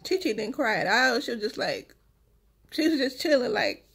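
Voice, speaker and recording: A woman's voice: a little high, expressive, normal speed, a bit bright, husky. A woman vlogger, a week after giving birth, telling her story straight to her viewers in a casual, emotional way. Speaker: vlogger, new mother.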